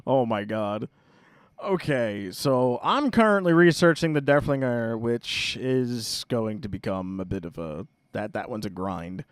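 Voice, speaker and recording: A man from Long Island with a Long Island New York accent, hosting a live gameplay stream in casual commentary, chatty and quick to laugh and swear. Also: medium pitch, animated, clear, resonant tone, no room sound. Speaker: game streamer host.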